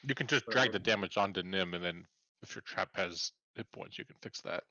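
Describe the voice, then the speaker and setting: A man playing in a tabletop game who gives matter-of-fact tips to the others. His voice is lowish but bright and sharp. The sound is dull and lo-fi. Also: a little fast, no room sound. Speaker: player. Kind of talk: casual game talk.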